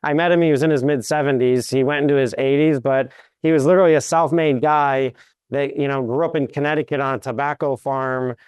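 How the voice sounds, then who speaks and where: Smooth-voiced man telling lively stories. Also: medium pitch, brisk, no room sound. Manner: lively anecdotes, acts out quotes. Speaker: commercial real estate broker, guest. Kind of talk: animated storytelling in an interview.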